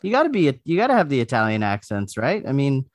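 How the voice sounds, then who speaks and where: A man's voice: medium pitch, wildly swooping pitch, quick pace, no echo, clean studio sound. A man on a casual news chat panel, joking and rambling with restarts. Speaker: co-host.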